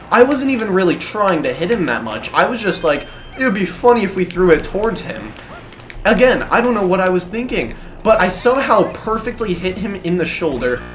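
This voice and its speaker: A man casually telling a personal story in an animated, self-deprecating way, swearing freely. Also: a little high.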